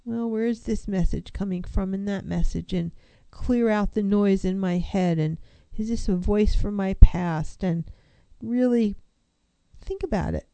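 A woman's voice: mid-range voice, a little slow, vocal fry, dark tone, smooth, no room sound. A woman counselor giving an earnest, reflective self-help talk, posing one rhetorical question after another.

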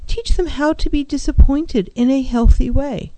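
Middle-aged woman counselor hosting a talk show; earnest advice, mellow tone, dry close sound. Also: high voice, normal speed, dry recording. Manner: earnest, advising, acts out clients' voices.

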